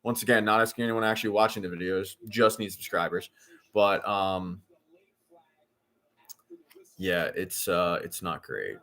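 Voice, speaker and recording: A man in his thirties with a low, deep voice, chatting casually to his live-stream viewers. He keeps up a loose running commentary on the game and now and then breaks into loud, exasperated outbursts when his team plays badly. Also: unhurried, pauses often. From Philadelphia area. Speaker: streamer hosting a football watch-along.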